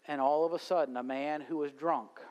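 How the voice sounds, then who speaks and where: A pastor delivers a sermon at a live church service, moving from storytelling into fervent preaching. His voice sits notably high for a man. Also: steady tone, moderate pace, a little mellow.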